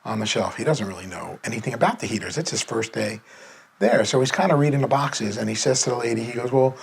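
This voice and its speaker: A man with a husky, slightly rough voice, teaching sales in a loose, conversational way. He tells a story and jumps into the voices of the people in it. His pitch sits in an ordinary middle range for a man. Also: lively intonation, fast. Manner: casual storytelling, acts out quoted people. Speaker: sales trainer.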